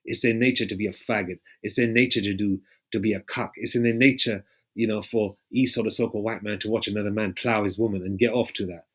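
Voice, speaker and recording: A man preaching in a loose, rambling way, often pausing to check in with his listeners and swearing freely. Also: fairly low pitch, fairly even intonation, a bit bright, husky. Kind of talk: casual street-style preaching with scripture readings.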